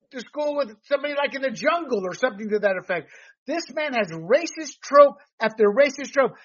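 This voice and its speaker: A man hosting a political commentary podcast, talking in an animated, rambling way with restarts and laughs. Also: very high-pitched. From Latino background. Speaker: podcast host. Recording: dull lo-fi sound.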